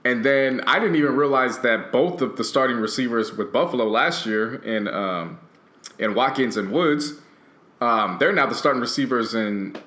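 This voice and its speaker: A man co-hosts a casual podcast in easy, teasing banter. His voice has a bright, forceful edge. The sound is roomy and echoey. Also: mid-range voice. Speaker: podcast co-host. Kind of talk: casual chat. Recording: roomy echo.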